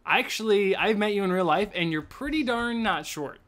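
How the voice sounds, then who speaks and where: A young man hosting a casual gaming session, excitable, laughing often and trailing off mid-thought. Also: sits high, normal speed. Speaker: host.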